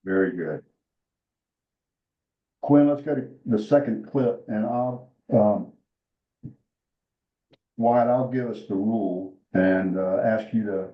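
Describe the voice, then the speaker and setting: A man presenting a rules clinic for basketball officials, talking casually with fillers and restarts. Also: low voice. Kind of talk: rules instruction and discussion. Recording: roomy, dull lo-fi sound.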